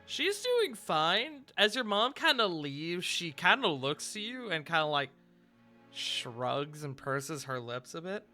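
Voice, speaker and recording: A man runs a tabletop game session as game master, narrating briskly with playful asides and many fillers. His voice is bright and slightly high. Faint music sits in the background.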